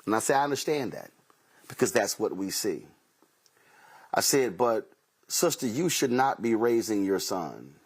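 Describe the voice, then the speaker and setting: In a lowish, husky voice, a man hosting a talk show tells anecdotes through emphatic commentary. He plays out the dialogue, quoting both himself and others, and keeps repeating key phrases.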